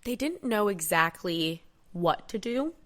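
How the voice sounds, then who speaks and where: A woman's voice: mid-range voice, lively intonation, measured pace, fairly bright tone. A woman co-hosting a casual history podcast, explaining events steadily and quoting from sources. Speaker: podcast co-host.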